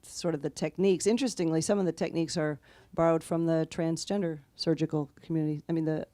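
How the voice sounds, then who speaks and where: Woman, author, lower voice, animated storyteller, dry close sound. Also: quick pace, no room sound. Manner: animated anecdotal, quotes others with laughs. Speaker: author guest. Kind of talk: conversational interview storytelling.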